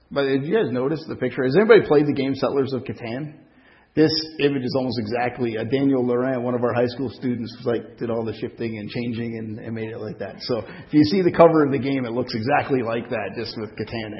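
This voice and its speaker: A man's voice: mid-range voice, brisk, lo-fi sound. A man with a French accent preaching a sermon in a church hall, talking conversationally and putting questions to the congregation. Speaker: pastor.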